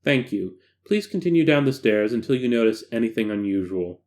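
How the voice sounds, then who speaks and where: A man voicing a calm male researcher who gives flat, clipped orders. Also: mid-range voice, fairly quick, pitched below the performer's own voice, natural voice.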